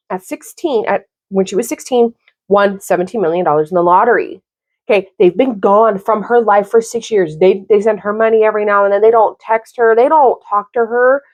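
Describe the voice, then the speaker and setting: A woman in her thirties vents about a book in a casual vlog. Her delivery is animated and exasperated, and she leans on "like" as she talks. Her voice sits at an ordinary middle pitch for a woman. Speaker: book vlogger. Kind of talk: casual book review rant.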